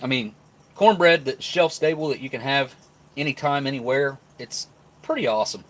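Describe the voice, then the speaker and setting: Host, male, mid-pitched, easygoing, chats and chews on a live tasting stream. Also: moderate pace. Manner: rambling, talks while chewing; easygoing, laughs often. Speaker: live-stream food reviewer.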